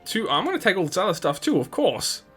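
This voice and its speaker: A man's voice: high voice, sing-song, fast, a bit bright, breathy edge. A man hosting a let's play, giving chatty, rambling gameplay commentary full of restarts and laughs. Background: game music.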